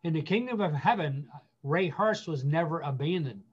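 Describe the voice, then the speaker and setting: A man speaking as a guest pastor, giving earnest counsel with emphatic repetition, slowing down to stress key phrases. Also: a little high, lively intonation, husky, muffled recording.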